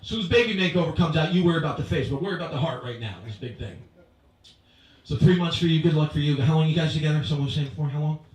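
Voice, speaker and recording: A man doing a stand-up comedy set in a club, punchy and animated, with crowd work. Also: fairly high pitch, very fast, heavy reverb, far from the mic, low-quality recording. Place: comedy club stage before a live audience.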